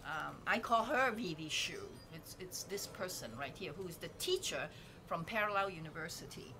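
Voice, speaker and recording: A woman vlogger thinks aloud in a candid, rambling way, often restarting her sentences. Her voice sits a little low but comes across bright and forceful. She speaks into a proper microphone indoors, with faint noise underneath. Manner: rambling, candid and self-reflective, with frequent restarts. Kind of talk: casual talking-head reflection. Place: indoors at home, painting behind her. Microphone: dedicated microphone.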